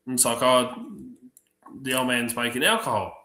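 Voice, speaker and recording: A man telling profane, lively stories on a livestream, acting out the other people's lines. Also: medium pitch, normal speed. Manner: profane, animated anecdotes acting out other voices. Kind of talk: casual storytelling on a livestream. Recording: roomy echo.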